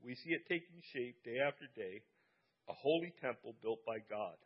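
A man's voice: mid-range voice, animated, moderate pace, husky, highs cut off. A man preaching a Sunday sermon as pastor, speaking earnestly and repeating key phrases for emphasis. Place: church service.

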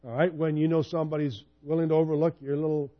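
A man in his fifties preaches quickly in a voice on the high side, heard through a muffled recording; he is a pastor. He speaks in a personal, conversational storytelling way and becomes animated when retelling events.

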